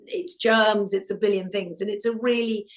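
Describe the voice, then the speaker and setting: A middle-aged woman from England, a guest in a casual chat, telling stories with animated quoted voices. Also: mid-range voice, moderate pace. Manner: animated storytelling, acts out quotes. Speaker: podcast guest, broadcaster.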